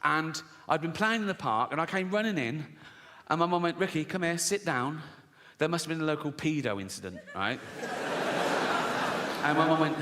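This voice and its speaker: A man's voice: on the high side, animated, brisk, pauses often, pushed and bright. A man doing stand-up comedy, telling brash stories, swearing freely and laughing at his own jokes. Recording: long hall reverb, faint noise.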